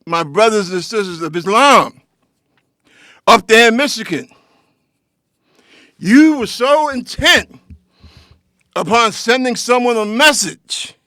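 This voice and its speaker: A man with a very high, bright, forceful voice delivers a political commentary monologue as host of his own show. He takes his time, talking slowly and lecturing his listeners head-on in a confrontational tone. The sound is dry and close, with no room around it. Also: no echo.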